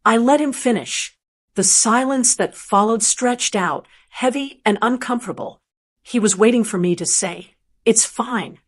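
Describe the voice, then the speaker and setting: A woman narrating a first-person family story in a measured, calm, even delivery. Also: fairly high pitch.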